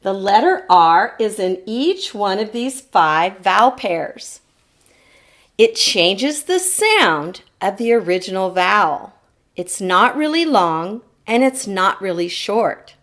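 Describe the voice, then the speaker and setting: A woman's voice: mid-range voice, big pitch swings, takes it slowly, fairly bright tone. A woman teacher giving a televised phonics lesson to children. She patiently models each sound and asks them to repeat it back. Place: TV studio lesson set.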